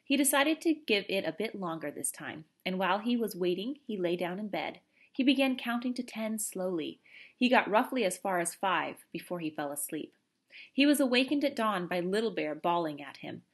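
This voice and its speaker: A woman reading a children's novel aloud in an expressive, animated storytelling manner. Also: medium pitch, moderate pace, husky. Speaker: audiobook reader.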